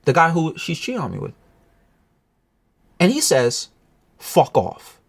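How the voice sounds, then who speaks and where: A vlogger tells a breakup story in a loose, rambling rant, swearing freely and asking the listener over and over whether they follow. The voice is husky and a little rough. The pitch swings widely from low, weary mutters to sharp high peaks. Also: huge pitch swings, normal speed. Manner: rambling, profane, keeps asking "you know what I'm saying".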